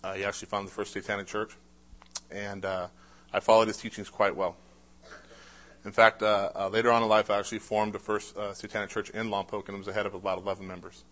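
A man's voice: on the low side, level tone, fast talker, a bit bright. A man telling his own life story in casual, conversational speech, with frequent "uh" fillers and restarts. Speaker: speaker sharing a personal testimony.

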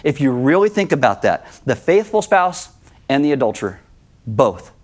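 A man's voice: medium pitch, big pitch swings, normal speed. A man preaching an earnest sermon as pastor, acting out the voices of the people he quotes.

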